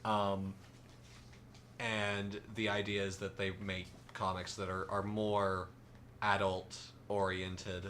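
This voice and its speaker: A young man with a lowish, bright and forceful voice talks through a topic in casual podcast chat, full of ums, false starts and restarts. A faint hiss sits under the recording. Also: level tone, slow. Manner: rambling, many ums and restarts. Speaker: podcast co-host. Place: shared room with other hosts.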